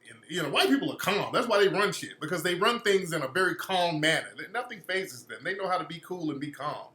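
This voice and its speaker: A man's voice: high-pitched, animated, quick pace, sharp tone, reverberant. A man hosting a casual talk radio show, ranting loosely and mockingly with frequent profanity.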